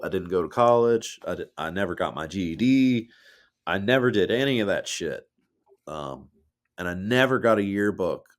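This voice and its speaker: A man co-hosting a podcast, telling personal stories in a loose, heartfelt way and swearing freely. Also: fairly low pitch. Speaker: podcast co-host. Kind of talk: casual chat.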